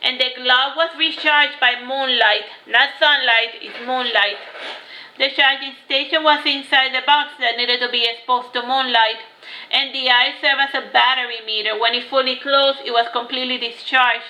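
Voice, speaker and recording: A woman's voice: sits high, fairly even intonation, moderate pace, sharp tone, poor audio. A woman reading her novel aloud, with occasional restarts and small slips. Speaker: audiobook reader.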